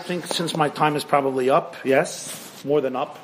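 A man giving a sermon as a rabbi, telling stories animatedly, questioning the audience directly, and swinging sharply between loud and hushed. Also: moderate pace, slight background noise. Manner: animated storytelling, rising and dropping sharply in pitch and volume.

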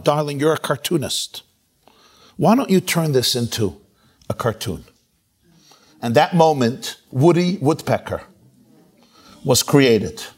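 A middle-aged man, a rabbi, giving a sermon full of stories and acting out the quotes with big swings in his voice. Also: slightly rough. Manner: expressive storyteller, acts out quotes with big pitch swings. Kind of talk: sermon with storytelling.

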